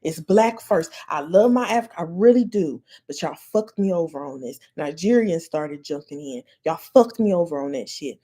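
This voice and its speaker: This American podcast host has a deep, mellow voice that stays expressive, moving at a moderate pace with few pauses. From the United States, she rants on her own, heatedly and profanely, punching words bluntly.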